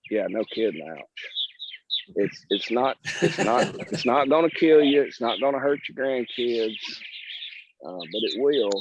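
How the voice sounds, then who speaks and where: Folksy Southern presenter, low voice, dull lo-fi call audio. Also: male voice, background noise. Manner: folksy, joking, rambling with restarts. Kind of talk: casual presentation on a video call.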